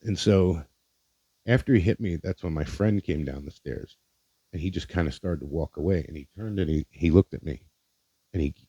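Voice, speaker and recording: A man with a very low, dark voice tells a personal story for his podcast, blunt and heavy with swearing. He often stumbles and repeats words as he goes. The recording is dull and dry, with no room sound. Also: no room sound. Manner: candid, profane, halting with repeated words. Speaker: podcast host.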